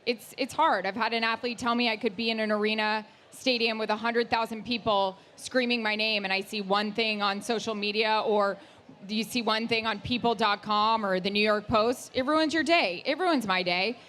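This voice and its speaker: A woman co-hosting a live podcast on stage, excitable and blunt, giving quick, direct advice. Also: a little high, a little hiss or hum. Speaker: podcast co-host.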